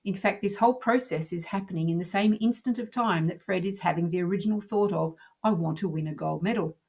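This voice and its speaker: Woman narrator for an instructional lesson: lower register, a little husky, calm and measured. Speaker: teacher. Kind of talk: scripted narration.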